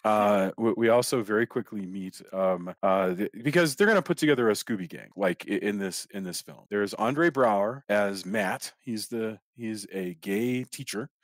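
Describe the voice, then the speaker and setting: A man's voice: lowish voice, normal speed, hardly any pauses, no echo, clean studio sound. A middle-aged man hosting a podcast, talking through a film in a rambling way, often restarting and repeating words. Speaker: podcast host. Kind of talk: casual film discussion.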